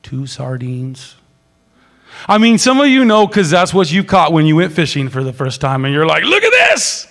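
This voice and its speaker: A man preaches a sermon in a large church, his somewhat high voice trailing into a long reverb. He is animated, jumping from loud exclamations down to hushed whispers. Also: moderate pace. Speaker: pastor.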